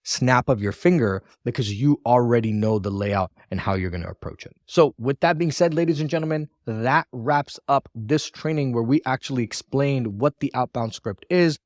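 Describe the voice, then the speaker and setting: A man's voice: medium pitch, moderate pace, hardly any pauses, a little mellow, no echo. Dry-voiced male sales training coach. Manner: coaching tone, frequent "all right" and "right?" check-ins. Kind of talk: recorded training lecture.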